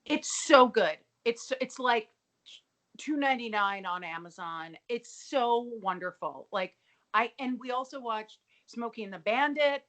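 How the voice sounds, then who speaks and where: An animated woman co-hosts a comedy podcast, swearing freely and joking her way through an episode recap. Her pitch sits mid-range, and her talk is loose and unscripted. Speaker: podcast co-host. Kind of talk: casual comedic recap chat.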